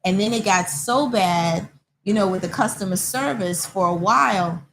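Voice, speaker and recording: A woman hosting a casual chat in a hair salon, telling stories with lively quoted dialogue. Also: mid-range voice, moderate pace, a little hiss or hum, rough recording. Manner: animated storyteller, acts out quoted callers. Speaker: host.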